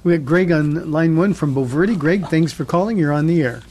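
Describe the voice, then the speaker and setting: Mellow-voiced man hosting a radio show. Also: a little high, normal speed, slight background noise. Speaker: radio pastor and host. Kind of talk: call-in radio talk.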